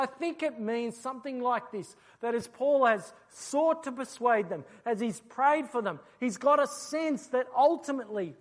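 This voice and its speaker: A preacher giving an expository sermon, explaining a passage and asking rhetorical questions. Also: medium pitch.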